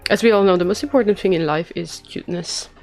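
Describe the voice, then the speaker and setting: A woman's voice: on the low side, fast, a little mellow, soft background music. A young woman chatting casually while streaming a game, giggly and rambling with self-deprecating asides.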